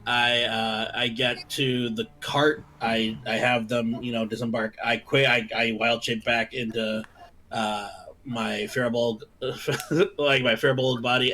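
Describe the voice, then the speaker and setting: A man's voice: medium pitch, sharp tone. A young man playing a tabletop game, describing his character in a hesitant way with many restarts. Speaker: player.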